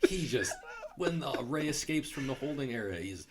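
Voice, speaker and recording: A young adult man co-hosting a podcast, chatting casually and telling animated stories about a film, with laughs and swearing. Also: mid-range voice, moderate pace, a little hiss or hum. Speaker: podcast co-host. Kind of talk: casual movie review chat.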